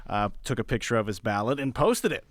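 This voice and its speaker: A man's voice: mid-range voice, lively intonation, a little fast, no room sound. A man co-hosting a casual studio podcast, dropping in short dry remarks. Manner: brief dry interjections. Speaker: podcast co-host. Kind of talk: casual talk show chat.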